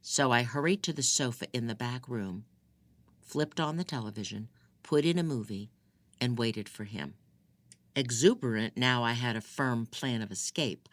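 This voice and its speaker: An audiobook reader giving measured first-person narration of a thriller, close to the mic. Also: medium pitch, no room sound. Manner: measured, expressive in dialogue.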